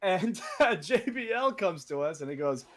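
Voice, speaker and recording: A young man co-hosting a casual podcast, telling stories in an animated way with laughs and quoted voices. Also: high voice, normal speed. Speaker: co-host.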